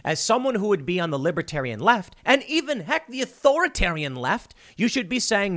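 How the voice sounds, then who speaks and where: A man's voice: high-pitched, sing-song, brisk, hardly any pauses, a bit bright. A man delivering solo political commentary, arguing emphatically and reading out news quotes.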